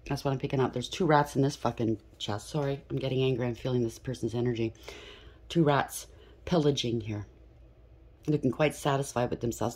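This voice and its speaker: A woman's voice: rumbling low, fairly even intonation, a little fast, darkish tone, breathy edge. A woman giving a casual tarot reading, blunt and profane, with emphatic repetition. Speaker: tarot reader.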